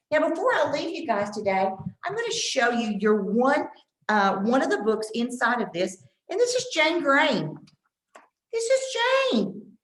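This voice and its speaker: A woman gives a kindergarten nutrition lesson in a slow, drawn-out teacher voice, her pitch swinging up and down. She says short phrases for the children to repeat back. The sound carries an echo, as if recorded in a bare room. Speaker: extension nutrition educator.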